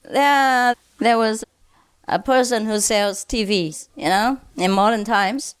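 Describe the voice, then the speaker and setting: Woman teacher telling jokes, slow and high-ish, laughing often. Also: clean tone. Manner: laughs often, with frequent "uh" pauses. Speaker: spiritual teacher. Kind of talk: telling humorous stories to a gathering.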